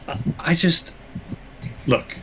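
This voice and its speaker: A man voicing a folksy vampire preacher who pleads softly and earnestly in a tabletop role-play character intro. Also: background noise, natural voice. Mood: coaxing. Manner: soft, drawn-out preachy pleading.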